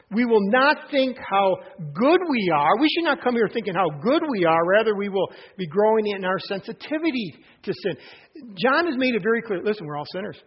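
A man preaching a sermon, earnest and emphatic, with restarts and pauses. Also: high-pitched, dull audio, slight background noise. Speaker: pastor.

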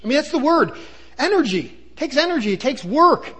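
An older man, a pastor, preaching a sermon in an animated way, with asides and acted-out quotes. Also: extremely high pitch, a little fast.

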